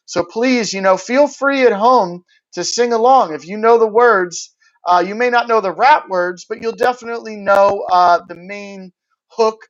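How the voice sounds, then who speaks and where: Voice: medium pitch, a little slow. Give me a host talking through a prayer and its harmonies in an easy, explanatory way. The voice sits in a middle register. The sound is a bit muffled, like a lo-fi livestream. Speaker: host and producer. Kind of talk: spoken introduction to a prayer and a song.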